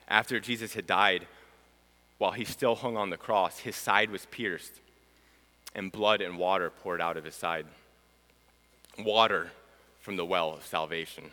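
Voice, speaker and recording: A man preaching a sermon, swinging between loud proclamation and hushed, solemn passages. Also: on the low side, normal speed. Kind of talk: sermon teaching. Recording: long hall reverb.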